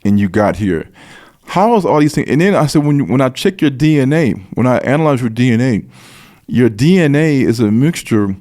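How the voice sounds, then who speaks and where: A man's voice: medium pitch, warm tone. A man explaining at length in conversation, earnest, often repeating and restarting phrases as he builds his point. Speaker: guest speaker on biblical history.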